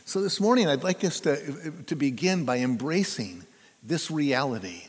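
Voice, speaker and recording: An older man preaching a sermon as pastor, halting and repeating himself, then landing hard on key words. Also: a little high, lively intonation. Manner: halting, repeats words, building to emphatic stresses. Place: church sanctuary. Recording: long church reverb.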